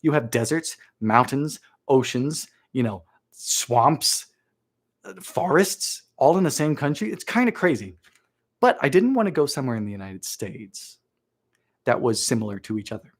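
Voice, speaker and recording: A man's voice: mid-range voice, very animated, normal speed. A young man from Bermuda, chatting playfully as he hosts a live baking stream from his kitchen. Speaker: baking show host. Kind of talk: casual live-stream chat while baking. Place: home kitchen.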